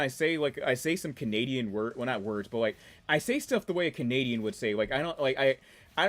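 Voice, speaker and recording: Chatty man with DC-New York accent. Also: medium pitch. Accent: mixed DC-area and New York. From Washington DC area. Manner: rambling, chatty, laughs often. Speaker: streamer. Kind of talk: casual gameplay livestream chat.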